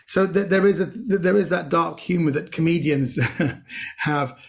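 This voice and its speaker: A man telling comedy anecdotes in a podcast interview, lively and full of quoted voices. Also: fairly high pitch, normal speed, gravelly. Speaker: comedian guest.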